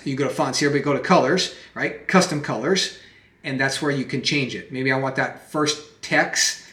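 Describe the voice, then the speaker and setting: A man giving a casual screen-recorded software tutorial, talking conversationally, restarting phrases and checking in with "okay?" and "right?". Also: mid-range voice. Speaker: presentation software instructor. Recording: echoey room sound.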